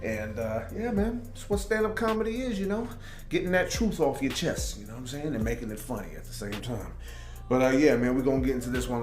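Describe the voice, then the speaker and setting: Laid-back male reaction host, roomy sound. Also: medium pitch. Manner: laid-back, filler-heavy, laughs along. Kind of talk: casual chat.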